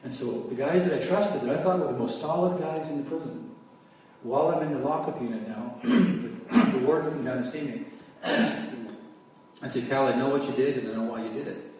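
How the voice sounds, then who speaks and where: A man's voice: medium pitch, moderate pace, a little mellow. A man giving his testimony as a sermon, telling his story and raising his voice at its peaks. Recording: echoey hall from far off.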